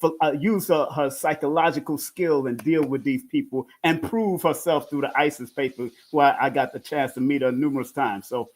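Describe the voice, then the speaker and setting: A man's voice: medium pitch, moderate pace, few pauses. A male host of an interview show who often chimes in with agreement and talks in a casual way. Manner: affirming, frequent agreement.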